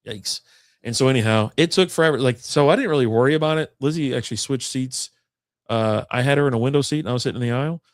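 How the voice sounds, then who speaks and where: A man's voice: medium pitch, fast, no room sound, studio quality. A man co-hosting a casual chat, telling a long story in a rambling, profane way and acting out what people said. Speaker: podcast co-host.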